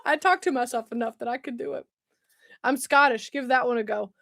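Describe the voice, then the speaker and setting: A woman with a high, bright voice runs a casual livestream. She chats freely, laughs often and reads comments aloud. The sound is dry and close to the mic. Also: fast, vocal fry, no echo. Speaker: livestream host. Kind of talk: casual live chat.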